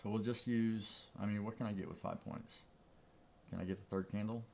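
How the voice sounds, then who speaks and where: A man's voice: on the low side, fairly even intonation, fairly quick, gravelly, darkish tone, a little hiss or hum. A man giving casual live-stream commentary on his trades, thinking aloud in an easygoing way. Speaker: trading streamer.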